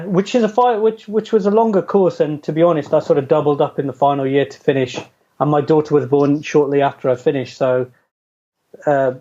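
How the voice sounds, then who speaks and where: In dull lo-fi audio, a middle-aged man being interviewed tells his story in a relaxed, talkative way, frequently laughing and making fun of himself. His voice leans high for a man but has a mellow, dark tone.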